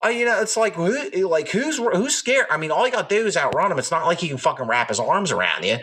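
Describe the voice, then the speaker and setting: A man riffs on a comedy podcast, swearing freely and spinning absurd rants. His voice is bright and edgy, and his pitch swings widely from line to line. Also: big pitch swings, fast talker, slightly rough. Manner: profane, rambling, jokey rants. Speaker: podcast co-host. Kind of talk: crude comedic podcast banter.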